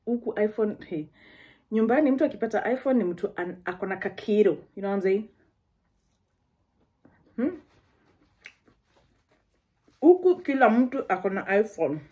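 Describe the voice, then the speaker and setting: Kenyan woman vlogger, casual and chatty storyteller, warm husky tone. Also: medium pitch, animated, moderate pace, pauses often. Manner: chatty, with frequent asides.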